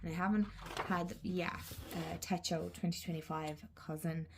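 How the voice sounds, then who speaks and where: A woman's voice: fairly low pitch, fairly even intonation, normal speed, vocal fry, background noise. A woman chatting casually to camera, rambling and giggling, slipping into whispers. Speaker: journaling channel host.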